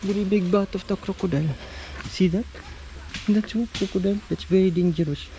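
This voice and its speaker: A woman's voice: medium pitch, fairly even intonation, a little fast, mellow, slight background noise. A woman outdoors in a nature park, talking to a baby in a sing-song, coaxing way and pointing things out. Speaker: parent showing a baby around. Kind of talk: casual baby talk.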